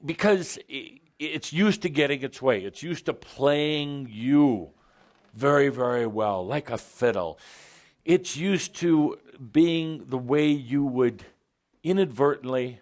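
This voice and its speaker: A man's voice: fairly low pitch, a little mellow. A man giving a live channeled spiritual talk to an audience, playful and theatrical, often laughing and teasing the people in the room. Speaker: channeler addressing a spiritual group.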